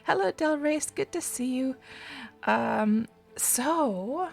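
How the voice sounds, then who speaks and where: A woman hosting a casual game livestream, chatty and greeting viewers by name, her voice still groggy and rough from just waking up. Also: high-pitched, lively intonation, slow pace. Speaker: livestream host.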